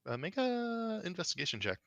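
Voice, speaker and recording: A man's voice: high-pitched, a little fast, gravelly, no echo. Dry-voiced male game master. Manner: relaxed, filler-heavy. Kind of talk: narrating a tabletop game.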